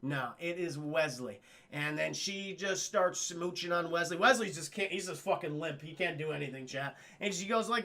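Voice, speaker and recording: A young man streaming a profane, comic scene-by-scene film recap to his live chat, acting out the characters' lines in quick voices. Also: fairly high pitch. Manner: animated, swears a lot, acts out lines in quick put-on voices.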